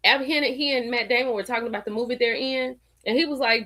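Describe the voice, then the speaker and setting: A woman hosting a casual livestream, chatty and animated, calling her viewers y'all and girl. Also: sits high, a little fast. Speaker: livestream host. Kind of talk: casual live-stream gossip chat.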